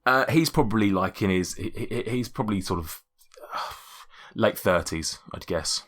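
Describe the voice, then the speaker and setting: A very deep-voiced man runs a tabletop game, describing scenes in a loose, rambling way. He restarts his sentences often and fills the pauses with casual fillers. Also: animated, fairly bright tone. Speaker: game master.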